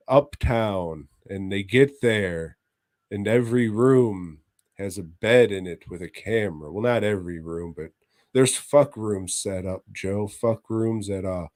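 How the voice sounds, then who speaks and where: A man's voice: fairly low pitch, a little mellow. A man co-hosting a podcast, recapping a movie in casual, profane chat, laughing often and breaking into mock voices. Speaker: podcast co-host.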